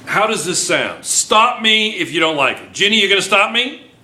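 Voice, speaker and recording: A man's voice: sits high, very animated, moderate pace, sharp tone, echoey room. A male chemistry teacher lecturing a classroom, firing questions at students and repeating key points.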